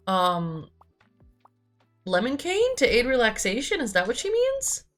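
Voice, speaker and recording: A young woman streaming a game, chatting playfully and asking quick surprised questions as she reads along. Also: on the high side, wildly swooping pitch, soft background music. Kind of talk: casual game commentary and reading dialogue aloud.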